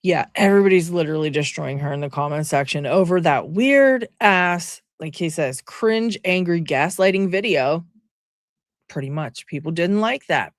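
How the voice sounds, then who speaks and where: A woman's voice: on the low side, expressive, moderate pace, no room sound, studio quality. A woman giving casual, sarcastic reaction commentary from home, talking to her viewers. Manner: sarcastic, exasperated, chatty. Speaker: commentary vlogger.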